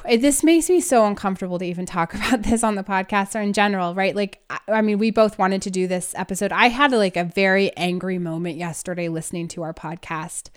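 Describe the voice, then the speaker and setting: A woman's voice: mid-range voice, a little fast, clear, resonant tone. A woman co-hosting a podcast, talking in a casual, emphatic way and laughing through her frustration. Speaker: podcast co-host. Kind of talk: casual conversational podcast chat.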